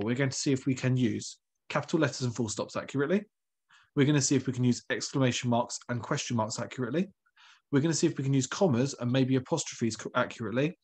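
A man's voice: medium pitch, husky. A male primary school teacher, giving a recorded online lesson in a patient, encouraging way and asking the pupils questions.

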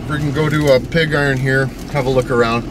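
A man's voice: mid-range voice, steady tone, brisk. Swearing guy driving, road noise. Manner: swears constantly, slangy and joking. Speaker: vlogger. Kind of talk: casual driving vlog. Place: inside a moving car.

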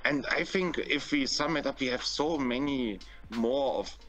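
A man's voice: medium pitch, measured pace, a bit bright, slight background noise. A man with a German accent, a guest in an interview, giving earnest advice and often repeating words as he thinks. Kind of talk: interview conversation.

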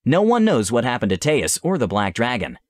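A man narrating a tabletop adventure as game master, with measured, descriptive storytelling. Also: medium pitch, wildly swooping pitch, dry recording, clean studio sound.

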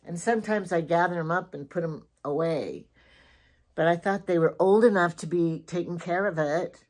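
A woman's voice: fairly low pitch, moderate pace, darkish tone. A middle-aged woman chatting casually through a shopping haul, rambling from one story to the next. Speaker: lifestyle vlogger.

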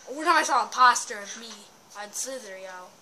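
A woman giving casual gameplay commentary, excitable and often bursting into yells. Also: on the high side, fairly quick, crowd noise.

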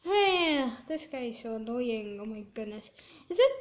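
A woman giving chatty gameplay commentary, squeamish and quick to exclaim in disgust. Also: a little high, big pitch swings. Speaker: gaming video creator.

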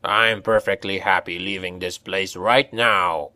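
A gruff, greedy dwarf, voiced by a male narrator with a low grumbling voice. He talks slowly and scornfully. The sound is dry. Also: steady tone, pushed and bright, dry recording, exaggerated voice. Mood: gruff scorn.

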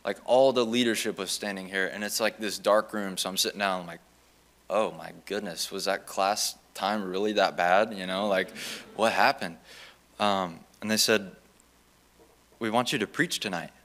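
A young man giving a chapel testimony as a student, telling his story in an animated way and acting out the lines of the people in it. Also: low-pitched, moderate pace. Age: young adult. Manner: animated, acts out quoted dialogue.

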